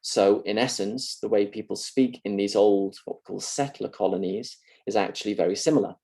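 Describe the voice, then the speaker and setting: Male university lecturer, husky and low, explains casually with fillers. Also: fairly quick, warm tone, rough recording. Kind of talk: mock lecture.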